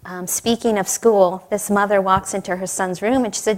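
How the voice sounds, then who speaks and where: A woman's voice: mid-range voice, fairly even intonation, moderate pace. A woman giving a sermon, telling stories in a conversational way with light laughter and questions to the audience. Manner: warm storytelling with light laughter. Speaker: spiritual teacher. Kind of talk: sermon with storytelling.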